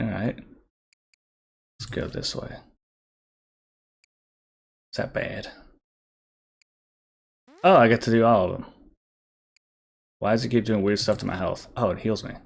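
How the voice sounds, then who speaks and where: A man's voice: fairly low pitch, fairly even intonation, slow pace, creaky, long pauses, husky. A young man streaming a card game, thinking aloud and reading card text with many fillers. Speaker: gaming streamer. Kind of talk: casual gameplay commentary.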